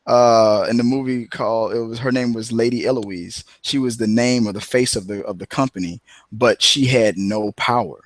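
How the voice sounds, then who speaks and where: A man co-hosting a casual movie talk show, rambling and retelling scenes with animated quoted voices. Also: mid-range voice, no echo. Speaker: podcast co-host.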